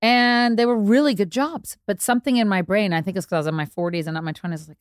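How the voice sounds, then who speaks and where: A woman, a DJ telling candid, self-deprecating stories as an interview guest and jumping her pitch to act out quotes. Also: fast, hardly any pauses, no room sound, clean studio sound. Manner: chatty, self-deprecating, acts out quotes with big pitch jumps.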